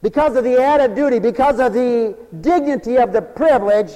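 A man preaching a sermon, telling stories and acting out the lines of the people in them, dropping to a hush and then building to fervent cries. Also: very high voice, moderate pace. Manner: storytelling with acted-out quoted dialogue, swinging from hushed to fervent cries. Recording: long echoey hall reverb.

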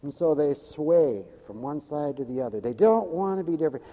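A man preaching a sermon with dramatic swings from loud exclamations to hushed asides. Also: fairly high pitch, expressive, brisk. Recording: long echoing reverb of a large hall.

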